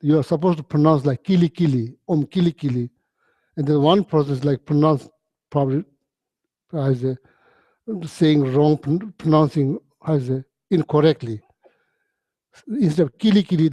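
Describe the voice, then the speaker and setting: Man telling stories in halting, chuckling speech. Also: on the high side, mellow, no room sound. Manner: halting, repeats words, chuckles often, chatty. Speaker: Buddhist teacher. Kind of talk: relaxed dharma talk storytelling.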